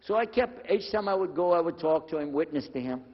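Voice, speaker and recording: An older man telling a personal story to an audience, lively and acting out the dialogue in a husky voice. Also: fairly high pitch, fairly quick. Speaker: speaker telling his conversion story. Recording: dull lo-fi recording with long hall reverb.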